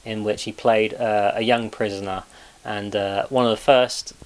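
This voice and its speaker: Low-voiced man chatting loosely. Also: fairly even intonation, moderate pace. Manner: loose, chatty, lots of "uh" and swearing. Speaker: video host. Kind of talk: casual narrated video commentary.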